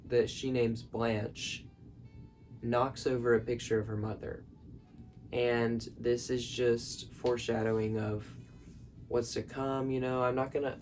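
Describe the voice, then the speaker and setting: A man's voice: mid-range voice, creaky, darkish tone. A man in his bedroom rambling through a film recap, full of "like" and "um". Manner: rambling, filler-heavy, lots of "like". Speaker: vlogger. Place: bedroom at night.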